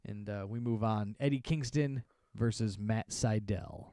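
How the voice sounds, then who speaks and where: Dark-voiced rambling podcast co-host, a man. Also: lowish voice, a little slow, dry recording, studio quality. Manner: rambling, sarcastic, acts out wrestlers' shouted lines. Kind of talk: casual wrestling recap chat.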